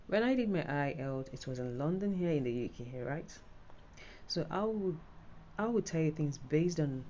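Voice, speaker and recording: A woman's voice: rumbling low, darkish tone, dull audio, a little hiss or hum. A Nigerian woman giving a casual, rambling spoken tutorial on an exam, full of fillers and restarts. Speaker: IELTS tutor.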